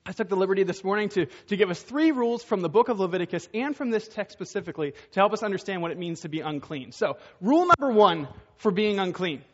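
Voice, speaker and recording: A man's voice: sits high, expressive, fast talker, fairly bright tone. A man preaching a sermon in a conversational way, asking rhetorical questions and acting out the voices of the people he quotes. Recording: dull, echoey hall sound.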